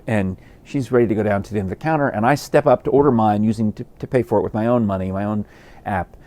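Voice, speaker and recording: A man's voice: on the low side, a little mellow. A man hosting his podcast from a porch at home, telling amused, rambling stories with plenty of fillers. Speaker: podcast host. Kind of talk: casual storytelling.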